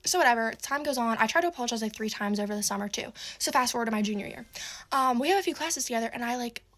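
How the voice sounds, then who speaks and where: A woman's voice: a little high, animated, very fast, a bit bright. A teenage girl telling a storytime monologue, rambling with lots of "like", swearing and exasperated asides. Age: teens.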